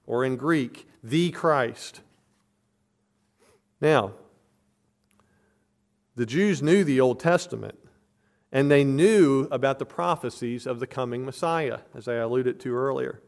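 A man preaching an expository sermon as pastor, earnest and emphatic, building points through repetition. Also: medium pitch.

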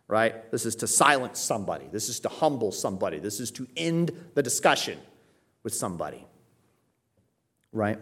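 A man's voice: on the low side, lively intonation, moderate pace. A man preaching an expository sermon, emphatic and explanatory, often checking in with "right?" and raising his voice when acting out quoted pleas. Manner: emphatic teaching, frequent "right?" check-ins. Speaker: pastor.

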